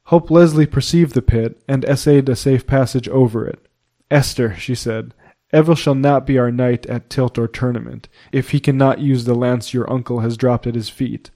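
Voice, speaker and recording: A man reads a classic novel aloud with a mellow, warm tone at an ordinary middle pitch. His delivery is measured and even, and he gives the characters' lines only a light touch of voicing. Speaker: audiobook narrator.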